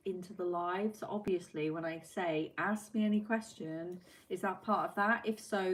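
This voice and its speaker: Woman, livestream host, lower-pitched, chatty and casual, reads out chat, light background hiss. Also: rough recording. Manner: chatty, reads out viewer comments, swears casually. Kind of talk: casual live-stream chat.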